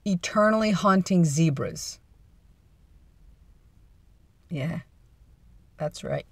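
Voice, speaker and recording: Vlogger, casual chat, playful rambling, unhurried, dry sound, inside a car. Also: medium pitch, creaky, dry recording. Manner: playful, rambling, quick to laugh at own jokes.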